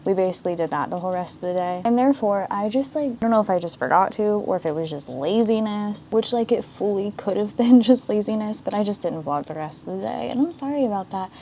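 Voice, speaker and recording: A young woman talks casually to her vlog camera at home while getting ready for the day. Her voice is mellow and darker than most, and she rambles with fillers and little asides. A faint hiss sits behind her. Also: mid-range voice, expressive, fast talker, hardly any pauses. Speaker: vlogger.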